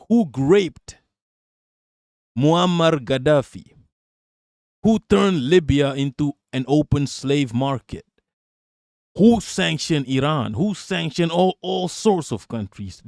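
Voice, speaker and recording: Man, live-stream host, fiery and profane, repeats himself for emphasis, fairly high voice, dry close mic. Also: creaky, darkish tone, no echo. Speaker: streamer reacting to political clips.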